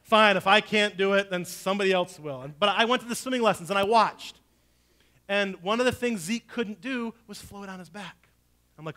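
Guy pastor preaching, pretty high voice, goes quiet then loud telling a story. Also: normal speed. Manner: storytelling, swinging between hushed and loud. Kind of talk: sermon.

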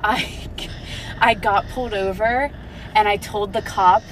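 A woman's voice: mid-range voice, fairly even intonation, a little slow, slight background noise, rough recording. A young woman pranking her mother over the phone, giggling and pleading.

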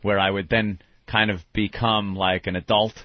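A man's voice: lowish voice, level tone, normal speed, dry recording. A man hosting a radio show, telling a rambling, profane story about his past in casual talk. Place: radio studio. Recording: dull lo-fi radio broadcast.

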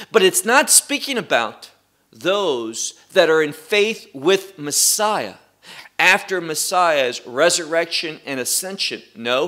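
A man teaching a Bible study lesson, speaking deliberately with emphatic pauses. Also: on the high side, pushed and bright.

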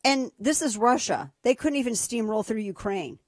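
A woman's voice: on the high side, normal speed, dry recording, studio quality. A woman hosting a political talk radio show, speaking casually with a sarcastic, mocking edge. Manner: sarcastic, mocking, lively asides.

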